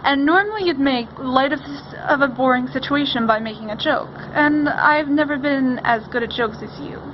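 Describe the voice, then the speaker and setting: A woman's voice: sits high, normal speed, slight background noise, natural voice. A woman playing an earnest young male teacher and pilot's fiance, talking wistfully to his absent partner in a cosplay vlog. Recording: dull lo-fi camera audio.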